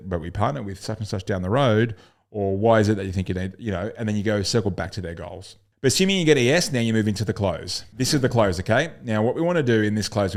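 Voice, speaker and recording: A man's voice: on the low side, darkish tone. Blunt sales coach, man. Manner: blunt, swears casually, acts out sales calls. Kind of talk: coaching lesson on sales scripts.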